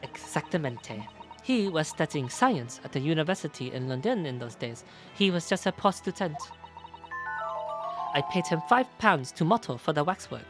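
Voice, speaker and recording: A man's voice: on the high side, very animated, normal speed, music in the background. A man voicing a fussy older French woman who runs a wax museum, with a put-on French accent and a hesitant, flustered way of talking. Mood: fretful.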